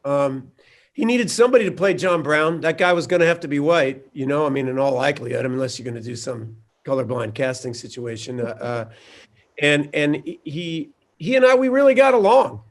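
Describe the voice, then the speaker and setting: A man speaking as a showrunner guest in a roundtable conversation, telling a story in a halting but animated way. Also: on the high side.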